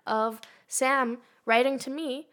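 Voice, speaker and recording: A woman's voice: high-pitched, steady tone, slow, a bit bright. A young woman co-hosting a podcast, reading a silly review aloud with dry asides and giggles. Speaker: podcast co-host.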